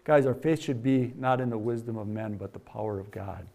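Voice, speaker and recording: A man with a Wisconsin accent preaching a sermon, reading verses loudly and dropping to quiet asides. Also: medium pitch, a little fast, creaky. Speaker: pastor.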